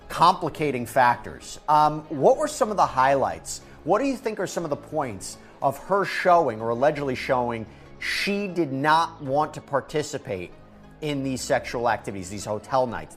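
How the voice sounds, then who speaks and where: Man host asking halting questions. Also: medium pitch. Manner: halting, rephrasing as he goes. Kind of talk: interview questions.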